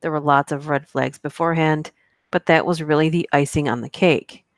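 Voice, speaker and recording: A woman with a notably low voice reads stories aloud on a live stream, then drifts into casual, chatty asides to her viewers. The sound is close and dry, with no room echo. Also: steady tone, normal speed. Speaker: YouTube horror story narrator. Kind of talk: live-stream story reading and chat.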